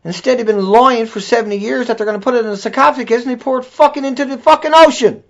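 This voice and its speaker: Male vlogger, high voice, furious profane tirade, dull lo-fi sound. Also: fast. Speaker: video blogger. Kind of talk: angry ranting monologue. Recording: dull lo-fi recording.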